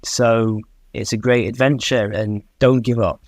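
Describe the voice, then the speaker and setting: A man's voice: medium pitch, fairly even intonation, unhurried, darkish tone, no room sound. A man, a language teacher as a podcast guest, talking in a thoughtful, hedging and self-deprecating way. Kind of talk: podcast interview.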